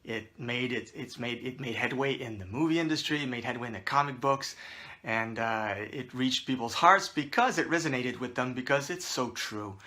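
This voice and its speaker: A man's voice: medium pitch, normal speed, pushed and bright. A man hosting a casual talk, chatting to camera with rambling asides, frequent fillers and restarts. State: out of breath. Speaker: host.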